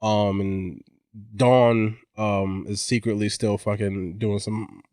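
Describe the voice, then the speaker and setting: A man's voice: on the low side, flat delivery, slow, darkish tone, clear, resonant tone, no echo, studio quality. A man co-hosting a podcast, casually recapping a TV episode with profanity and quoted asides. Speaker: podcast co-host. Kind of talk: casual chat recapping a TV show.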